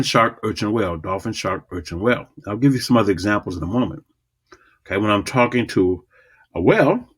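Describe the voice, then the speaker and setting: Husky lower-voiced guy coaching public speaking, punchy and repeats himself a lot. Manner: emphatic, repetitive, swings loud and soft. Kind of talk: coaching lesson to a class.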